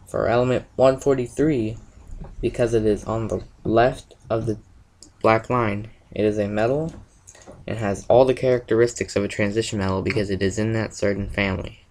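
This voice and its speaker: Male presenter, slightly low voice, steady read-through of a science explanation. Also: moderate pace, low-quality recording. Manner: steady, methodical, step-by-step explaining. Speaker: presenter of a school science project. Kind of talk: reading a prepared explanation.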